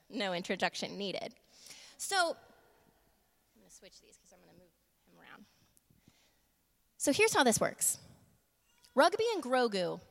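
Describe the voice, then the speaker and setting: A woman giving a casual sermon, laughing often and moving between quick asides and slow, emphatic lines. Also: a little high. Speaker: church speaker. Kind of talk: casual sermon with humor and props. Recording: long reverb of a large room.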